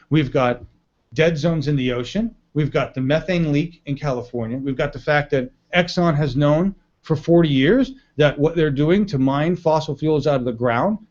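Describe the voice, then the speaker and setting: A man's voice: a little high, a little mellow. A man hosting a live news stream, ranting indignantly with profanity and calling his viewers folks. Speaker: livestream news show host. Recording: muffled lo-fi audio.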